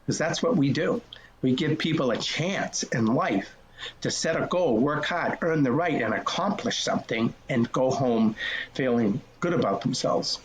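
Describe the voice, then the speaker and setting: A man's voice: mid-range voice, expressive, a little slow, a little hiss or hum. A man in his sixties, a race director, telling folksy, earnest stories and acting out old conversations. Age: 60s. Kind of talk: storytelling interview.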